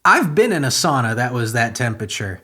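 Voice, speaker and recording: A man hosts a comedy podcast, reading local news aloud and tearing into it with crude, sarcastic jokes. His mid-pitched voice swings widely and often leaps into loud, high outbursts. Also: very animated, a little fast. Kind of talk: satirical news commentary, reading headlines aloud and riffing.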